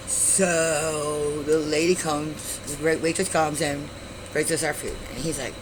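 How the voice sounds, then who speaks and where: A woman's voice: low voice, measured pace, background noise. A woman telling a story about a chaotic date in a casual vlog, swearing freely and acting out the people she quotes. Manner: animated, swears, acts out quoted voices.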